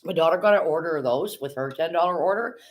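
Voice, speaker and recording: A woman's voice: sits low, fast talker. A middle-aged woman from Canada, chatting casually on a live stream, greeting viewers by name and swearing now and then. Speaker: livestream host.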